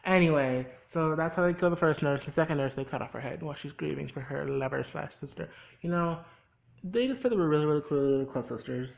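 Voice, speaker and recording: A man's voice: fairly high pitch, fast talker, gravelly, rough recording. A young man hosting a casual recap of a TV episode, chatty and full of sassy asides. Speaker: host.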